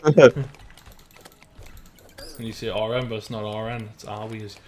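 A man's voice: lowish voice, fairly even intonation, measured pace. A young man chatting casually while playing a game, joking, swearing and laughing often. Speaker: gamer. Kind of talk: casual gaming chat.

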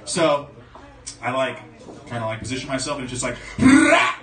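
A young man from South Florida doing a profane stand-up set, telling a story and suddenly shouting the voices of the people in it. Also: mid-range voice, steady tone, brisk, heavy background noise. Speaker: stand-up comedian. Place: comedy club stage. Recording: roomy club sound from a distance, crowd audible.

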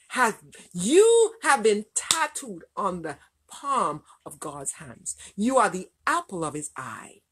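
A woman preaching a sermon with passion, swinging between loud, rising lines and hushed, low ones. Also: husky.

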